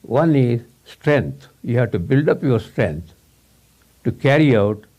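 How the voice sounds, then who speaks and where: A man's voice: medium pitch, lively intonation, slow, a little mellow. A man giving a spiritual teacher's informal talk to students in English, his second language, rambling and repeating himself with frequent chuckles. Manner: rambling, repetitive, chuckles often.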